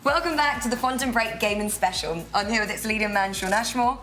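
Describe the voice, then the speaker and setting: Quick-talking woman hosting a tv special, upbeat and jokey, bit of music behind. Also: fairly high pitch, fairly bright tone, rough recording. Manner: brisk, upbeat, joking. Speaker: TV host. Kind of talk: scripted TV presenting.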